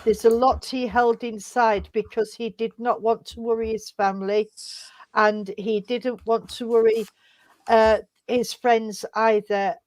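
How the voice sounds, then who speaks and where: A woman gives a spiritualist reading in a gentle, emotional way, often calling her sitter sweetheart. Her voice sits a little high, and the sound is dry and close with almost no room echo. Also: fairly even intonation, measured pace. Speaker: spiritualist medium. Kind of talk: psychic reading, addressing a sitter.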